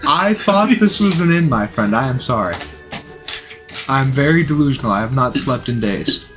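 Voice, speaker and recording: A man's voice: medium pitch, animated, normal speed, a bit bright, close to an everyday voice. A man voicing a shifty male drug-peddling street merchant in a tabletop game, who swears and fakes polite apologies. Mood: apologetic. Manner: profane, feigns polite apologies. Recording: clear music in background.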